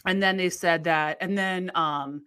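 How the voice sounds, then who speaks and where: A woman casually telling a long anecdote in conversation. She rambles with restarts and acts out the people in her story with big jumps in pitch. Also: steady tone, measured pace, fairly bright tone, clean tone. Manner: rambling, many restarts and fillers.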